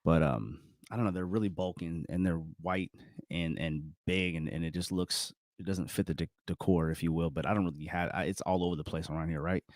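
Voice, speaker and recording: Deep-voiced rambling man, chatting solo. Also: brisk, darkish tone, no echo, studio quality. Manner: rambling, self-correcting, chuckles often. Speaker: vlogger. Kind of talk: casual solo self-reflection talk.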